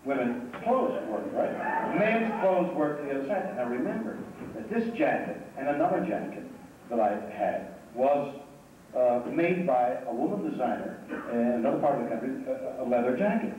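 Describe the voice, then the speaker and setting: On stage at a large convention hall, a male guest tells the audience a story in a medium-pitched voice with lively intonation and normal speed, rambling, joking and restarting often. A home video camera in the crowd caught it, so he sounds muffled, distant and echoey. The audience is noisy.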